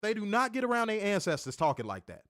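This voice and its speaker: A man's voice: high voice, sing-song, fast, fairly bright tone, no room sound, clean studio sound. A man reviewing a wrestling show in casual chat, ranting animatedly and swearing often.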